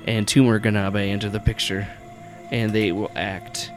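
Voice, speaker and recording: A man's voice: on the low side, level tone, normal speed, music in the background. A man narrating as game master in a tabletop game, rambling with lots of fillers and swearing.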